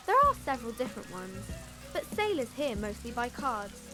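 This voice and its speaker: A woman putting on a bright little girl from a game, eager and polite, her voice high and bouncing all over the place. She chirps every line as if greeting a customer. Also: sing-song, moderate pace, music in the background. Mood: chirpy. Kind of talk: game dialogue read aloud.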